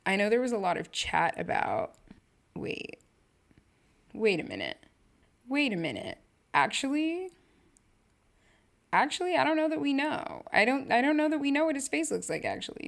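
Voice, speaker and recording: A young woman hosting a casual solo podcast, rambling and cutting herself off, with lots of slang and sudden bursts of excitement. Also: on the high side, creaky. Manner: rambling, self-interrupting, slangy and animated. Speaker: podcast host.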